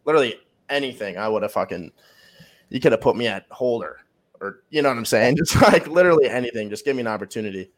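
A man's voice: mid-range voice, animated, fast. A young man, a college football player, casually telling a long story in a rambling, profanity-laced way full of fillers. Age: young adult.

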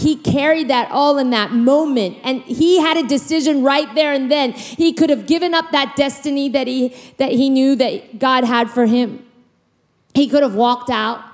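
A woman preacher giving an emphatic, animated sermon in a church hall, telling stories from scripture. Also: a little high. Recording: long hall reverb.

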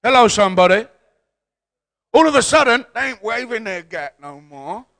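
A man preaching a sermon in a church with a high, bright voice. He coaxes the congregation to repeat after him and swells from easy talk to loud, fervent peaks. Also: very animated, normal speed, vocal fry. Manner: call-and-response preaching, swelling to shouts. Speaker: pastor.

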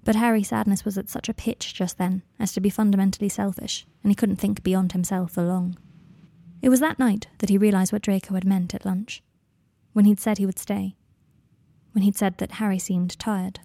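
A woman narrates a story in a measured, even voice. Her tone is mellow, with a gravelly edge. The reading is dry and close. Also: mid-range voice, no room sound. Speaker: audiobook narrator. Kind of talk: fan fiction audiobook narration.

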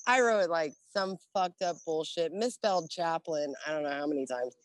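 Middle-aged woman swearing her way thru a navy story, lowish voice, dry close sound. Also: normal speed, no room sound. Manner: profane, animated, acts out dialogue. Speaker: guest, former Navy religious program specialist. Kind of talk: casual storytelling.

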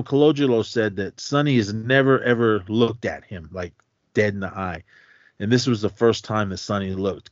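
A man with a lowish voice co-hosts a podcast, casually recapping a movie and animatedly acting out a scene from it. The audio has no room sound but comes across dull and lo-fi.

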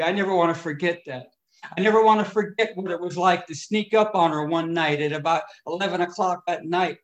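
A middle-aged man sharing his recovery story at a meeting, emotional, swinging between loud and hushed moments. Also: high-pitched. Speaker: recovery speaker. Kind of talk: AA share storytelling.

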